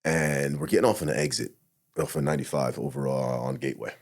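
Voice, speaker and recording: Retired cop, male, very low husky voice, rapid-fire blunt storytelling, heavy swearing. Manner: blunt, profane, animated retelling with acted-out inner quotes. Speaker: retired police officer, podcast guest. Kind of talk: casual storytelling interview.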